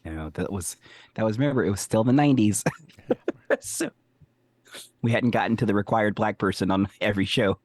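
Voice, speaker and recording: A man with a fairly low voice, co-hosting a podcast and trading wry, joking remarks while recapping a TV show. He sounds like he is in his thirties or older. The recording is dry and close. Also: normal speed, pauses often, a little mellow, no room sound. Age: 30s or older. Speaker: podcast co-host. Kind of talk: casual chat recapping a TV episode.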